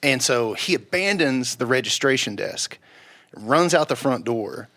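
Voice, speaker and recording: A young man telling a rowdy story on a podcast, swearing freely and loudly acting out the people he quotes. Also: mid-range voice, expressive, unhurried. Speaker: podcast guest. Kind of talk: casual storytelling.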